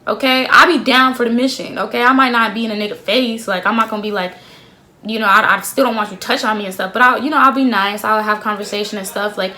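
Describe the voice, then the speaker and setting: A young woman in her twenties telling a story to her phone camera in a casual, slangy, animated way, laughing often. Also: on the high side, quick pace. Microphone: phone camera at arm's length.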